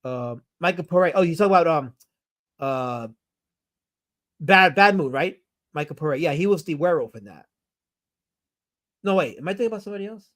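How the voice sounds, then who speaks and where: A man's voice: fairly high pitch, lively intonation, normal speed, long pauses, a bit bright. A man hosting a casual live stream, reading viewer comments and rambling enthusiastically with fillers and self-corrections. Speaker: streamer host.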